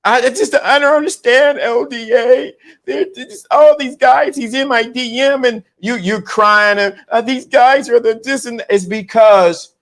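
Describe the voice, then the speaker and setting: Animated high-voiced male storyteller. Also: unhurried. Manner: animated, acts out both sides of a scene. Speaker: commentator. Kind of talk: comedic storytelling monologue.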